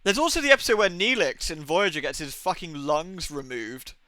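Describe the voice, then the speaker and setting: Bright, chatty young man streaming. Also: a little high, expressive, brisk, no echo. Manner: chatty, swears often, laughs a lot. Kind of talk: casual livestream chat.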